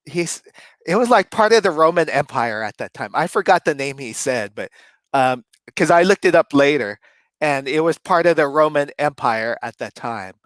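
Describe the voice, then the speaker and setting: Animated man telling a story, fairly high voice. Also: normal speed, dry recording. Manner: animated, laughs often while telling. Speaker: co-host. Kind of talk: casual storytelling chat.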